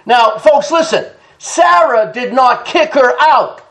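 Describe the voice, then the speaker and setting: A male pastor preaching an animated sermon, chuckling often and calling out to the congregation. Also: very high-pitched, takes it slowly. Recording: roomy church echo.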